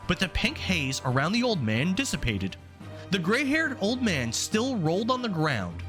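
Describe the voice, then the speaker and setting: A man's voice: high-pitched, fairly bright tone. A man reading a dramatic story passage aloud. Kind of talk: dramatic read narration.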